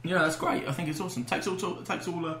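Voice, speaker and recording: A man's voice: on the high side, fairly even intonation, a bit bright, reverberant, soft background music. A man co-hosting a podcast, chatting casually in a rambling way with frequent swearing. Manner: fast, rambling, swears freely. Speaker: podcast co-host. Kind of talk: casual chat.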